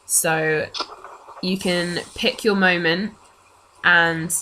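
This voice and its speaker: A woman's voice: on the low side, fairly even intonation, extremely slow, bright, forceful tone, a little hiss or hum, low-quality recording. A woman, narrating casually as the game master of a tabletop game. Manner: casual, chatty, laughs often.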